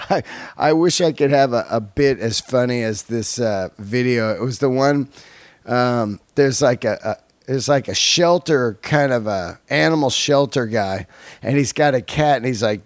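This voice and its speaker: A man's voice: medium pitch, moderate pace, no echo. Man, podcast host, casual and profane, laughs often, dry close sound. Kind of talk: casual monologue and interview.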